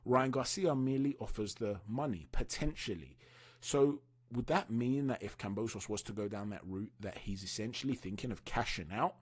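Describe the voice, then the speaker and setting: Husky-voiced man talking boxing news. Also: lowish voice, moderate pace. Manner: chatty, opinionated, asks viewers for their views. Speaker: boxing channel host. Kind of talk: casual boxing news commentary.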